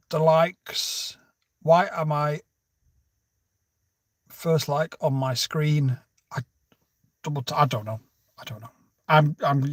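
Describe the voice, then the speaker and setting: A man's voice: on the high side, no echo. Chatty man on a dry, distant mic. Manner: chatty, wry storytelling with sudden animated outbursts. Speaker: livestream host. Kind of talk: casual live chat reading viewer comments. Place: home studio.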